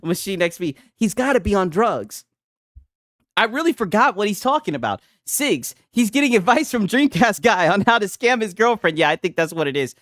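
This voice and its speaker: A man's voice: very high-pitched, fairly bright tone, dry recording. Mocking, profane man with a dry sound. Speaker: streamer reacting to a clip. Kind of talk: casual reaction commentary.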